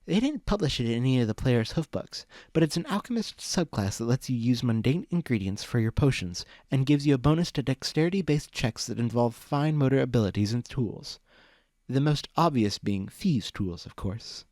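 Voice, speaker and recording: A man's voice: mid-range voice, lively intonation, normal speed, a little mellow, no room sound, studio quality, close to an everyday voice. A man voicing a sweet, clever young mare who bakes and plays an alchemist, talking in a chatty, upbeat, nerdy way.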